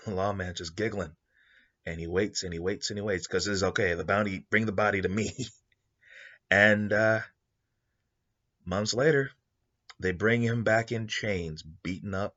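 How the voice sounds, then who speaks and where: Low-voiced male storyteller, casual and rambling, lo-fi mic. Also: sharp tone. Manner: rambling, with many fillers and restarts. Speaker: storyteller pitching a story idea. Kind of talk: casual spoken story pitch. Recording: dull lo-fi recording.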